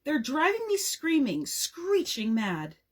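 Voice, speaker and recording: A woman's voice: high voice, huge pitch swings, slow pace, voice pushed up, exaggerated voice. A woman reading aloud as an exasperated teenage girl who complains theatrically.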